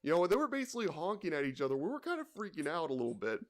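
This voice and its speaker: A young man co-hosting a podcast speaks very fast in a slightly high voice whose pitch swoops wildly. He rambles through a work story in casual chat, packed with "you know" and "like".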